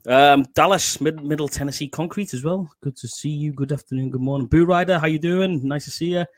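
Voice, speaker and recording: A man's voice: a little high, brisk, dry recording, clean studio sound. A man in his forties with a Liverpool accent hosts a casual live stream. He chats, swears freely and laughs often. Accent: Liverpool English. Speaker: podcast host.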